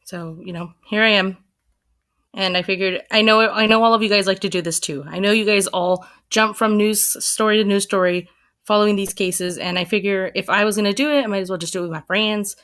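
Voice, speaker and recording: A woman's voice: mid-range voice, fairly even intonation, brisk, a bit bright. A woman hosting a livestream, chatting loosely and reading viewer comments as she rambles. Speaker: livestream host. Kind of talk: casual live commentary reading chat.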